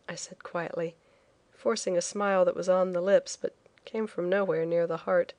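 A woman narrating a first-person travel memoir in a measured, expressive reading. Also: on the low side, no echo. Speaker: audiobook narrator.

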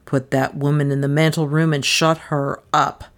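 A cold, commanding male burglar barks short threats in a storybook, read by a woman. His voice stays deep and low. Every order is stern and clipped. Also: level tone, normal speed. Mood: menacing.

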